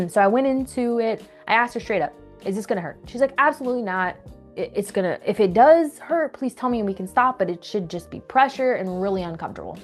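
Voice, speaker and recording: A young woman at a natural middle pitch tells a personal story to her audience. She speaks candidly and acts out the voices of the people in it. Faint music plays softly behind her. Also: fairly quick. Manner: candid, animated retelling with acted quotes. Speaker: vlogger.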